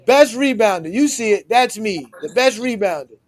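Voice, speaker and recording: A man's voice: high-pitched, animated, moderate pace. A male host ribbing his guest in a casual sports chat, rattling off old stats to tease him.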